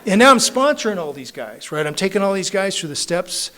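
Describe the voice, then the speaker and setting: Middle-aged man, slightly high voice, recovery meeting share, chatty storytelling, self-deprecating, keeps adding "right?". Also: very animated, brisk, pushed and bright. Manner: conversational, self-mocking, frequent tag questions. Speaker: AA meeting speaker. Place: recovery club meeting room.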